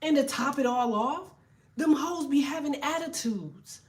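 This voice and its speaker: A woman tarot reader ranting to camera in a blunt, profane, animated way while telling a story. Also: high voice, unhurried. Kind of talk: casual tarot rant to camera.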